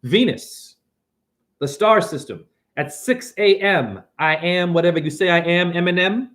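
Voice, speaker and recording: Profane, rambling man preaching. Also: high voice. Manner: fast, profane, preachy, swinging loud and soft. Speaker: self-styled spiritual teacher. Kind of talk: rambling monologue.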